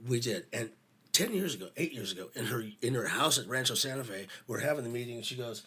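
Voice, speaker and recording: A production manager chatting casually, bluntly retelling a work story, swearing freely and playing both sides of each conversation. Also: male voice, medium pitch, expressive, fast talker, sharp tone, breathy edge.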